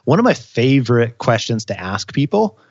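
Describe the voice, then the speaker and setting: A man's voice: medium pitch, big pitch swings, normal speed, a little mellow, dry recording, highs cut off. A man talking as a career coach in a casual podcast conversation, explaining ideas energetically.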